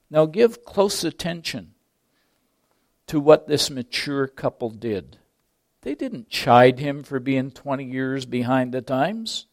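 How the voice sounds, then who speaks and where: A man preaching a sermon with slow, deliberate phrasing, dropping to near whispers and then rising to loud emphasis on key words. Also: a little high.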